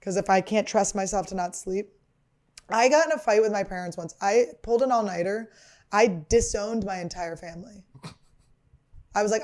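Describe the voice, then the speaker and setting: A woman's voice: mid-range voice, moderate pace, darkish tone. A woman in her thirties, a comedian hosting her podcast, talking in a rambling, profane, self-mocking monologue full of fillers. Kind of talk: casual confessional monologue.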